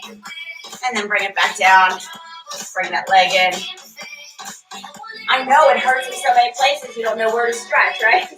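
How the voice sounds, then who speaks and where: A female fitness instructor with a voice on the high side leads a barre class at a measured pace with long pauses, cueing moves, counting reps and chatting with members by name. The room is echoey, her voice sounds far off, and faint music plays.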